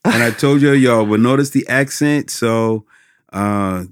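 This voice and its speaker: A man's voice: mid-range voice, a little slow, clear, resonant tone, no echo, studio quality. A man hosting a podcast, chatting casually and telling a story in a folksy way, with plenty of fillers. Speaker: podcast host.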